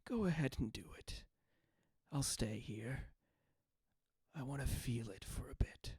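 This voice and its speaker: A man voicing the breathy, whispering ghost of a wealthy merchant in a tabletop game. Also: medium pitch, expressive, unhurried, darkish tone. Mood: satisfied.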